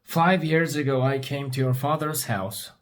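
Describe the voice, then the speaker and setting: A man's voice: a little high, normal speed, lightly acted. A man doing a grudge-holding grave robber. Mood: grudging.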